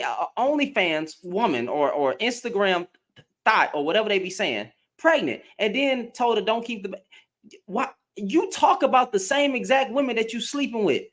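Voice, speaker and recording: A man's voice: high voice, a bit bright. A man hosting a livestream, ranting in heated, emphatic commentary, repeating and restarting his words. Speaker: livestream host.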